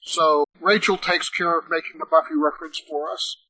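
A woman's voice: sits low, fairly even intonation, normal speed, bright, forceful tone, dry recording, low-quality recording. A woman hosting a casual podcast, calling on each panelist in turn. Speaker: podcast host.

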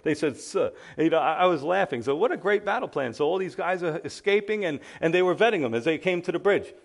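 A man's voice: on the high side, quick pace, gravelly. A man with a New York accent preaching a sermon, reading scripture and retelling it with humorous asides. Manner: animated storyteller, acts out quotes with humorous asides. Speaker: pastor.

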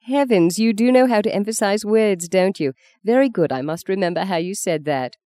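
A reader voicing Justine, a cool, self-possessed young woman with a crisp, dry, teasing manner. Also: mid-range voice, moderate pace, mellow, no room sound, pitched above the performer's own voice, lightly acted.

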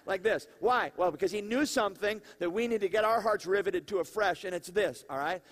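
A high-voiced man preaching a lively sermon. He keeps it conversational, with laughing asides and questions thrown out to the congregation. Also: brisk. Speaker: pastor.

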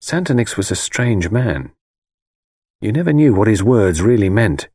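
A male audiobook narrator in a dry, close recording, reading first-person fiction with measured storytelling. His pitch moves expressively while the pace stays steady. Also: slightly rough, no echo. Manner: measured storytelling, drops low on speech tags.

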